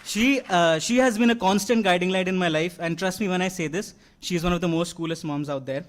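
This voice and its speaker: At a large convocation hall, an award-winning young graduate gives an earnest speech, fairly quick and high-voiced. He often restarts and fills pauses as he goes.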